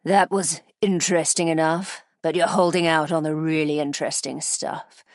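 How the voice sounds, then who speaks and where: A woman's voice: deep voice, flat delivery, normal speed, no echo, studio quality. A woman voicing a hardened female interrogator who coaxes with acid sweetness. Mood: coaxing.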